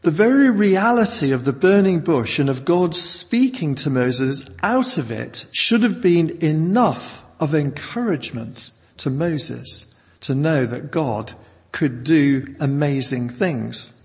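A man delivering a measured, emphatic sermon, stressing single words to drive each point home. His slightly high voice carries a gravelly edge. The sound rings with the long reverb of a church hall. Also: animated, a little mellow. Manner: measured, emphatic teaching with pauses. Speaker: preacher.

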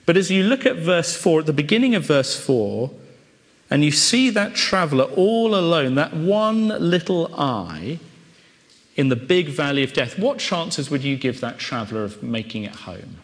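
A man preaching a sermon, building drama with repeated rhetorical questions and pauses. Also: on the high side, very animated, big-room sound.

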